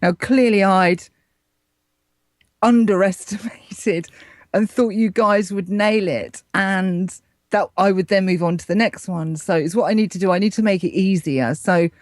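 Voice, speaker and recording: A woman's voice: mid-range voice, unhurried, darkish tone, dry recording, clean studio sound. Playful English woman co-hosting. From England. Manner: playful, teasing, laughs easily. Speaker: co-host, correspondent. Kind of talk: casual podcast chat.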